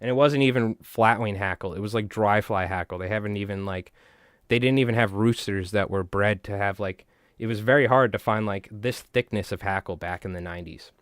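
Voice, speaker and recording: A man, chatting in a rambling, animated way to his viewers while tying flies on a live stream. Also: on the low side, a little fast, clear, resonant tone, no echo, studio quality. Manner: rambling, animated, talks to chat.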